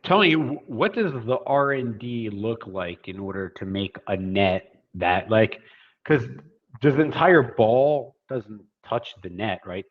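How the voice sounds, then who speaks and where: A man's voice: fairly low pitch, measured pace. A man hosting a casual interview, curious and often restarting his questions mid-sentence. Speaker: host, interviewer. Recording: dull lo-fi sound.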